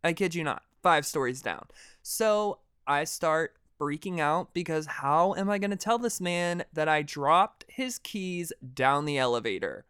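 Smooth-voiced young man telling a dramatic story. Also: on the high side, a little slow, no room sound, studio quality. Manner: dramatic, animated and expressive; swears freely. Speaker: podcast host. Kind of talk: casual storytelling monologue.

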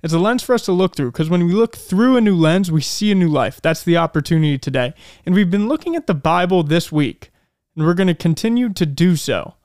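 A male podcast host gives an earnest, reflective faith talk and slows down to stress key lines. His voice is smooth and resonant. The sound is dry and close, with no room echo. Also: sits high, lively intonation, darkish tone. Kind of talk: faith-based motivational talk.

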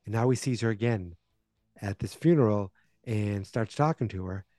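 Man, 40s, podcast host, casual chatty recap, warm mellow tone, dry close sound. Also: on the low side, normal speed, no echo. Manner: chatty, wry, loose retelling with asides.

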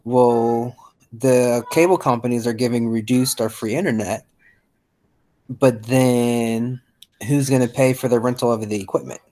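A man's voice: mid-range voice, fairly even intonation, unhurried, warm tone, low-quality recording. A man who teaches, talking casually as a podcast guest in a chatty, easygoing, modest way.

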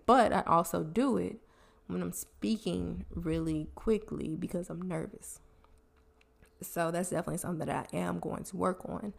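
A woman with a fairly low, vocal-fry voice hosts a solo podcast. Chatty and casual, she offers communication tips and owns up to her own habits.

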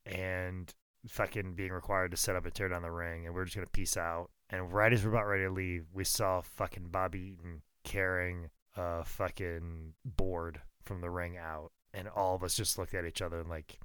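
A man in his thirties tells wrestling road stories in a loose, rambling way, cursing freely. His voice sits a little low and sounds smooth. The sound is dry and close. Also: normal speed, no room sound. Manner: rambling, profane, animated. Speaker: pro wrestler telling stories. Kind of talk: casual storytelling.

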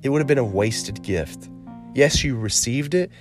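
A man preaching a sermon as a pastor, earnest and encouraging, slowing down to stress key phrases. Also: mid-range voice, expressive, music in the background.

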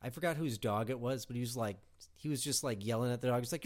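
A man's voice: medium pitch, fast. A man co-hosting a podcast, chatting casually and joking with his co-host. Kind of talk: casual chat.

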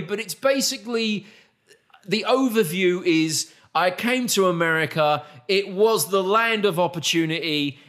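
A man with a Southern British accent, his voice sitting a little high for a man. He chats casually as a podcast host, wandering through self-mocking anecdotes and voicing the people in them. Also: fairly bright tone. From southern England. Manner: rambling, self-mocking anecdotes with acted-out quotes. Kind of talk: casual chat, storytelling.

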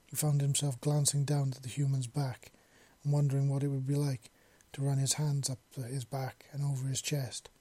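A man narrating a story in a measured, unhurried reading. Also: mid-range voice, completely flat delivery, warm tone, no room sound.

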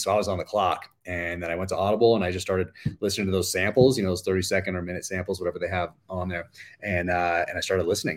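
A man's voice: deep voice, steady tone, fast. A middle-aged man, an author guest on a casual podcast interview, telling stories in a rambling way with many fillers.

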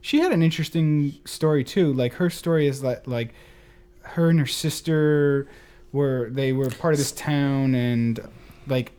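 Rambling man with a mellow voice. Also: medium pitch, unhurried, clean tone. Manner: rambling, many fillers. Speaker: podcast panelist. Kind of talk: casual chat.

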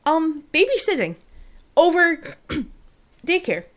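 Young woman podcaster, high voice, swears a ton, super animated storytelling. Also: slow pace. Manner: animated storyteller, swears a lot, acts out quotes. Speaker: podcast co-host. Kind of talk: casual chat.

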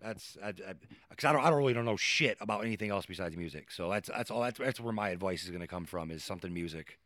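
A man, a musician answering interview questions, in loose, rambling casual talk. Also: fairly low pitch. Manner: fast, animated, loose and rambling.

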